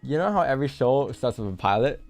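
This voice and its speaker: A man telling a casual story to friends, animated and slangy. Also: medium pitch, fast talker, soft background music. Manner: animated, says yo and bro.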